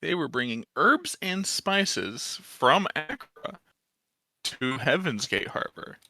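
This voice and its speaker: Man, game master, bright forceful tone, casual rambling narration. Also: a little high, big pitch swings, takes it slowly, gravelly, dry recording. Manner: casual, filler-heavy description.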